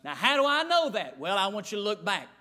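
A man's voice: sits high, very animated, a little fast, bright, forceful tone. A middle-aged male pastor with a Southern US accent preaching a folksy, emphatic sermon full of repetition.

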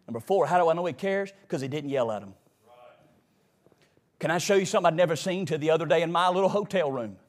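A man preaching a sermon to a congregation, with a sing-song cadence that swings from loud shouts to hushed, almost whispered lines. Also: a little high, quick pace.

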